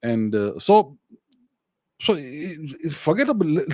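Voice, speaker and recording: A man's voice: on the high side, big pitch swings, takes it slowly, a little mellow, dry recording. A middle-aged man with an Indian English accent, hosting a solo Q&A show, explaining with rhetorical questions and thinking aloud. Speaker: host answering viewer questions. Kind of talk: solo Q&A livestream.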